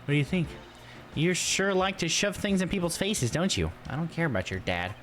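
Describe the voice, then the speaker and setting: A man's voice: a little high, very animated, a little fast, fairly bright tone, soft background music, pitched above the performer's own voice. A man doing sardonic young scientist woman Ema. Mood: scornful. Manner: dry, teasing, rambling about science. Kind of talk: reading game dialogue on a livestream.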